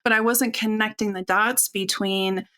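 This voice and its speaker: A woman in her forties speaking openly and earnestly as a podcast guest, telling a personal story in a relaxed, conversational way. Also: mid-range voice, measured pace. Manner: open, earnest, conversational with fillers. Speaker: podcast guest, functional nutritionist.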